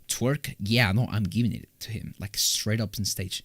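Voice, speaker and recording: A young man from Colombia talks loosely to his stream chat from his home recording room, joking and circling back on his own sentences. His voice sits on the low side. The sound is dry, with no room echo. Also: a little slow, hardly any pauses, a bit bright. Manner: rambling, loose and joking, with frequent restarts. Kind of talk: casual live-stream chat.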